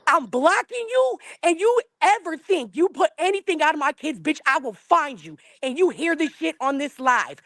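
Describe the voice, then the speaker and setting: Furious high-voiced woman cursing someone out. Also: sing-song, moderate pace, few pauses, fairly bright tone, dry recording. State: tearful, upset. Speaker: panel participant. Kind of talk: angry call-out on a live panel.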